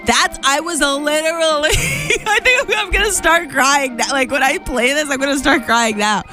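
A young woman hosting a college radio show, talking in a gushing, excitable way with frequent laughs. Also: high voice, moderate pace. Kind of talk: casual on-air chat. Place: radio studio. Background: jazz music playing behind.

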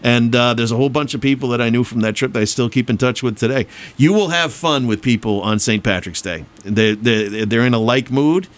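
A man's voice: medium pitch, fairly quick, hardly any pauses. A man hosting a podcast in casual chat, telling rambling anecdotes with lots of restarts. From Boston area. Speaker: podcast host.

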